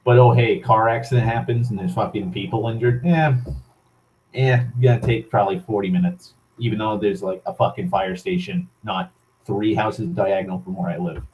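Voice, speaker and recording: A man's voice: fairly low pitch, fairly even intonation, normal speed, a little mellow, lo-fi sound. A young man from Massachusetts ranting casually into his camera, heavy with profanity, sardonic asides and rambling restarts. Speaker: vlogger. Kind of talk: casual rant.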